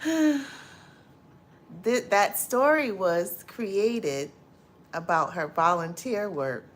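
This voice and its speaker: Loud-laughing woman chatting on a livestream. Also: medium pitch, expressive, very slow. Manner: laughs loudly and often; repeats greetings and phrases. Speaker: livestream host. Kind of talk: casual livestream chat reading comments.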